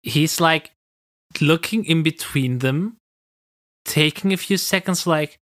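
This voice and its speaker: A woman's voice: low-pitched, animated, takes it slowly, pauses often, fairly bright tone, no echo, studio quality. A woman playing a tabletop game, asking curious, tentative questions. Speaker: player. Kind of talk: casual tabletop play.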